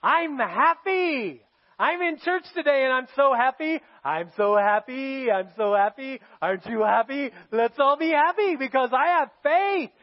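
An over-cheerful churchgoer insists everything is fine in a high, sing-song voice, as a pastor mocks him. The words stretch out slowly with forced brightness. The recording sounds dull and muffled. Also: male voice. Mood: fake cheerful. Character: forced-cheerful male churchgoer faking happiness.

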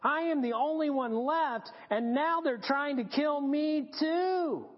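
A man's voice: very high voice, slow. A man doing a whiny self-pitying prophet. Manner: complaining, pleading. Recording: dull recording with long hall reverb.

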